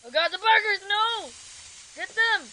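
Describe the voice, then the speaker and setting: A very high-pitched woman narrating her game in a slow, drawn-out way. She gets excitable and panicky, yelling and pleading at her co-player. A casual gameplay recording. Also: slight background noise. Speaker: gamer recording a let's-play.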